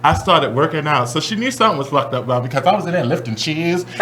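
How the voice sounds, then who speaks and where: A man's voice: a little high, lively intonation, fast talker, few pauses, heavy background noise. A man hosting a talk show, telling a story with drama and laughter and putting on voices for the people in it. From Baltimore. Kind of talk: animated storytelling.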